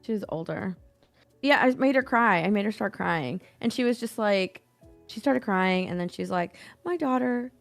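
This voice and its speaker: A woman's voice: medium pitch, moderate pace, creaky, soft background music. A woman chatting casually on a stream, telling a story animatedly and acting out what people said. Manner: animated storyteller, acts out quotes. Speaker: stream co-host. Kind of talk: casual chat while painting.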